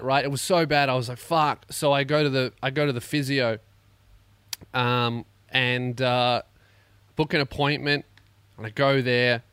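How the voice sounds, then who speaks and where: A man's voice: mid-range voice, no room sound. A man hosting a comedic solo podcast, crude and self-mocking, talking through neck pain. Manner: crude, self-mocking, animated with acted-out quotes. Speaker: podcast host.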